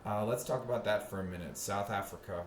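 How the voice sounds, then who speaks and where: A man's voice: fairly low pitch, fast, a little hiss or hum. Male podcast host, sarcastic and profane, loose rambling delivery in a roomy space. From South Florida. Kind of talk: comedic podcast monologue. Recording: roomy echo with faint ambience.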